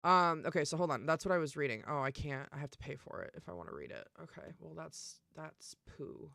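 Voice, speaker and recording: A young woman streamer talking casually and emphatically, swearing often and filling pauses with "um" and "like". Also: low voice, sing-song, gravelly, a bit bright, dry recording. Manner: emphatic and profane, with many fillers. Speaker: live streamer. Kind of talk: casual live-stream rant.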